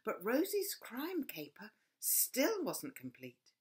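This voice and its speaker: A woman reading her own picture book aloud for children, expressive, dropping to whispers and rising to loud cries. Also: on the high side, slow pace. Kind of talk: storybook read-aloud for children.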